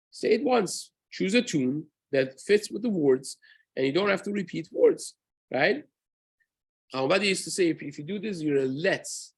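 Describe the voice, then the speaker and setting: A man's voice: on the high side, breathy edge. A man, a rabbi, giving a spoken Torah lesson in an earnest way, often asking "right?" and using Hebrew terms. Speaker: rabbi teaching a daily halacha class.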